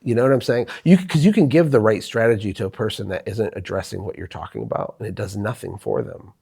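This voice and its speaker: A male host with a low, husky voice reflects on his own past in a relaxed interview. He leans hard on key points and speaks in an earnest, conversational way. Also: quick pace. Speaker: podcast host.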